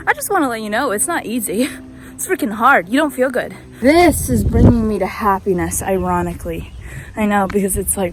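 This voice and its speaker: A young woman outdoors on a hill, giving herself a blunt, energetic pep talk while out of breath from running. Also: medium pitch, brisk. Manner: energetic, blunt and self-motivating. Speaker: vlogger. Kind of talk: self pep talk to camera. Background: background music.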